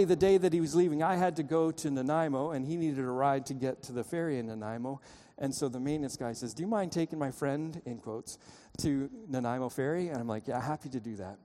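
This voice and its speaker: A pastor preaches a sermon in a church, his voice fairly high yet mellow. He tells a story and urgently pleads with listeners, swinging dramatically between loud and quiet passages, while a long reverb trails his words through the sanctuary.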